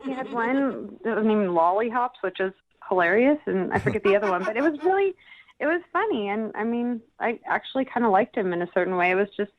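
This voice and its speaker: A woman's voice: mid-range voice, animated, brisk, no room sound. A woman on a phone call to a radio show, talking hesitantly with restarts. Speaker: caller on a radio phone segment. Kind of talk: phone conversation. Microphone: telephone. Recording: tinny phone line.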